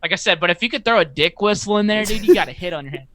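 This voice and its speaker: A young man, a music producer guest, chatting casually in an energetic, crude, swearing, joking way. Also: sits high, very fast. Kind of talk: casual chat.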